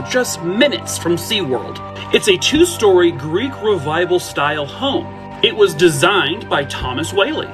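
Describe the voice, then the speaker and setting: A man telling haunted house stories in a casual way, cracking irreverent, swearing jokes and asking the audience questions. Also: sits high. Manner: jokey, irreverent asides with swearing. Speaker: haunted-place storyteller. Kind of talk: casual storytelling to viewers.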